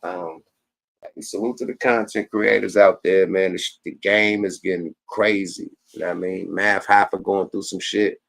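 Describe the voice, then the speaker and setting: Gravel-voiced deep man signing off a stream. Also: fairly even intonation, moderate pace, fairly bright tone. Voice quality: gravelly, slurred like a drunk wino. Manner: profane street slang, drawling and gravelly. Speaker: livestream podcast host. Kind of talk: casual stream sign-off.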